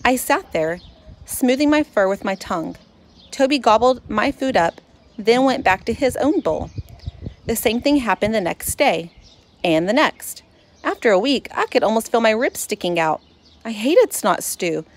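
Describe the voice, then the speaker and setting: A woman's voice: fairly high pitch, moderate pace. Woman reading a children's storybook aloud. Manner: expressive first-person storytelling. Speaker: narrator. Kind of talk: children's audiobook narration.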